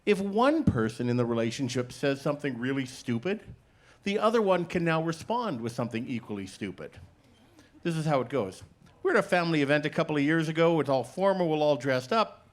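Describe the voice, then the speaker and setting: A middle-aged man doing a stand-up comedy set, playful with deadpan punchlines, acting out both sides of conversations on stage. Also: on the high side, fairly quick. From Canada. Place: comedy stage before a live audience.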